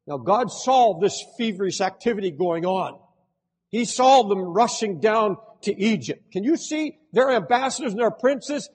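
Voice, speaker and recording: Older guy preaching, husky voice, swings from shouting to hushed, echoey church hall. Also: high voice, expressive, unhurried. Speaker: pastor. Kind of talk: sermon.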